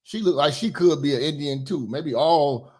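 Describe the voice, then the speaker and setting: A man giving loud, profane reaction commentary that keeps bursting into shouts. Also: fairly high pitch, moderate pace, husky.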